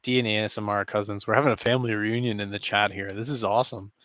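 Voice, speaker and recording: This live streamer jokes and rambles with his viewers from a basement with a cardboard backdrop, chuckling often. He's a fast talker with a fairly low, slightly bright voice and fairly even intonation, recorded at studio quality with no room sound.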